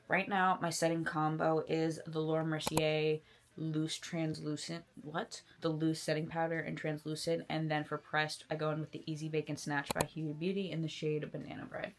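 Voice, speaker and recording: A woman in her twenties rambling casually while doing her makeup at home, self-deprecating and animated. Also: deep voice, vocal fry. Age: 20s. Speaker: beauty content creator. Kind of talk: casual get-ready-with-me chat.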